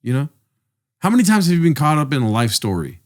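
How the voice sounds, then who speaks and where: A man hosting a podcast in an apartment, chatting casually as a rambling, animated storyteller. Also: fairly high pitch, fast. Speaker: podcast host. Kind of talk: casual chat.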